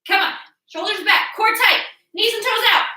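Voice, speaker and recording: An out-of-breath woman leads a workout class with a very high, bright voice, cheering and whooping her class along. She sounds set back from the mic in a very echoey room. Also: moderate pace, distant mic. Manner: energetic, encouraging, frequent whoops and cheers. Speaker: fitness instructor.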